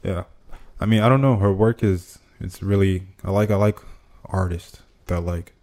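Deep, flat-voiced man chatting bluntly. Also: moderate pace. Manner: blunt, profane, laid-back. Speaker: podcast co-host. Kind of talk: casual chat.

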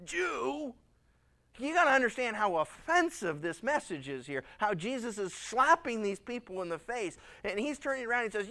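A male pastor preaching a sermon, acting out scenes in lively, dramatic voices. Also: extremely high pitch, normal speed. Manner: animated, acts out dialogue.

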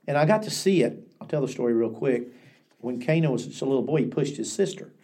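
In a podcast interview, an older pastor shares earnest, reflective stories and keeps restarting his sentences. He talks fast in an animated, warm, mid-range voice.

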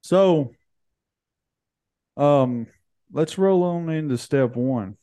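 A male host with a mellow, darker voice and an unhurried delivery. He runs a casual interview and reacts with short, laid-back remarks. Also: on the high side, lively intonation, clear, resonant tone.

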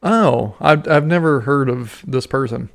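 A man's voice: medium pitch, a little slow, creaky. A man co-hosting a podcast in casual, swearing banter. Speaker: podcast co-host. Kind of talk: casual chat.

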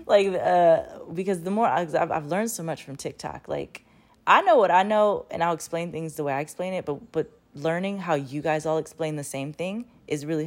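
A fairly low-voiced woman in her thirties tells a story to her viewers. She talks casually and rambles, filling every gap with "like" and starting sentences over. She swears freely. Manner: rambling, full of "like" and restarts. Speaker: vlogger.

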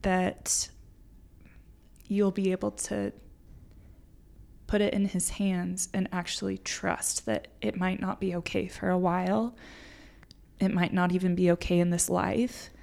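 A woman's voice: on the low side, level tone, a little slow, vocal fry, long pauses, a little mellow. A woman guest on a podcast, talking earnestly and emotionally about her faith, getting choked up at times. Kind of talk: heartfelt faith conversation.

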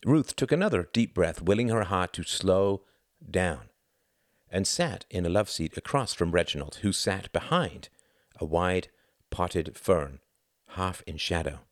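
A man reading a novel aloud as narrator, in a measured storytelling manner. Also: sits low, lively intonation, dry recording, clean studio sound. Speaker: audiobook reader.

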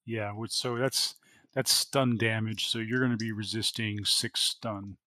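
Here a man runs a tabletop role-playing game, narrating scenes and handling rules as he goes, with plenty of fillers and restarts. His fairly low voice is bright and forceful, with fairly even intonation and a slightly slow pace, recorded with no room sound.

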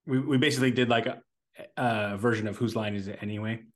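A man's voice: lowish voice, fairly even intonation, fast talker. A man co-hosting a podcast, telling stories in casual chat, rambling with lots of fillers and restarts. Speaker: podcast co-host.

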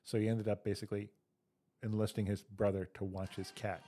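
A man's voice: fairly low pitch, little pitch movement, brisk, warm tone, faint music behind. A man co-hosting a comedy podcast, chatting casually and telling dad jokes and long joke stories. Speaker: podcast co-host.

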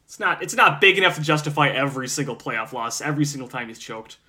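A man from Wisconsin co-hosting a sports podcast, animated and blunt, laughing often. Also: medium pitch, quick pace. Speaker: podcast co-host. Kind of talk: casual sports chat.

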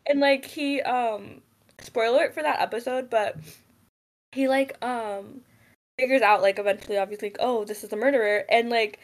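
A woman's voice: fairly high pitch, normal speed. A young woman co-hosting a podcast in casual chat, rambling with many fillers and giggles. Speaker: podcast co-host.

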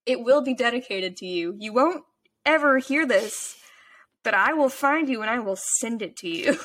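A woman's voice: on the high side, expressive, moderate pace, fairly bright tone. A woman, telling stories in casual podcast chat as a co-host. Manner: chatty, enthusiastic storyteller.

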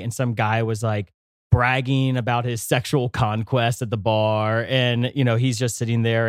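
A young man co-hosting a faith podcast in a studio, telling stories in an animated way with many fillers and restarts. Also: mid-range voice, clean tone, no echo. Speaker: podcast co-host.

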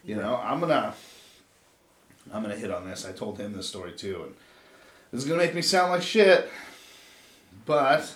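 A man's voice: on the low side, very animated, normal speed, pauses often, fairly bright tone. A man in his thirties from Los Angeles, chatting casually as a podcast co-host and telling stories in a rambling, profane way. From Los Angeles, USA. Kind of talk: casual chat. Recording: roomy echo.

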